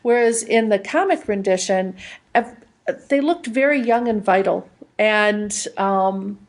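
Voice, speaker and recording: A woman's voice: medium pitch, measured pace. A woman co-hosting a comics review podcast, talking things through in a thoughtful, casual way with frequent restarts. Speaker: podcast co-host.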